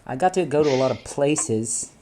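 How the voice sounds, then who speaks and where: A man's voice: mid-range voice, animated, a crowd in the background. A man hosting a casual sports fan show, bantering with friends, laughing and swearing freely. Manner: laughing, swearing, quick asides. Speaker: host.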